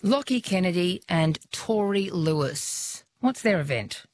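A woman's voice: on the low side, expressive, unhurried, darkish tone, a little hiss or hum. An Australian woman hosting a talkback radio quiz, chatty and teasing with callers. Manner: chatty, teasing, laughs often.

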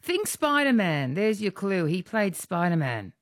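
A woman's voice: medium pitch, very animated, a little slow, no room sound, studio quality. An Australian woman hosting a call-in radio quiz, chatty and friendly. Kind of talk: casual radio chat.

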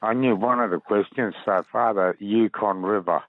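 A man's voice: fairly low pitch, moderate pace, dry recording. A man calling into a radio quiz, easygoing with short replies. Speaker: caller. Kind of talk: phone-in quiz answer. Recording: tinny telephone line.

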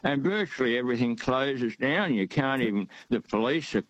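A man's voice: medium pitch, lively intonation, moderate pace, no room sound, dull audio. An older man, calling in to a radio talk show and rambling with many fillers and hesitations. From Australia. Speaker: radio caller. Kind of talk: casual phone-in chat.

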